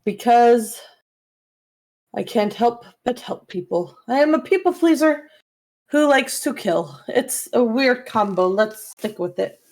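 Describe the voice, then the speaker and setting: A woman's voice: fairly high pitch, lively intonation, slow, a little mellow. A woman voicing a brash tiefling woman who pushes to help people, speaking in a teasing, pushy way.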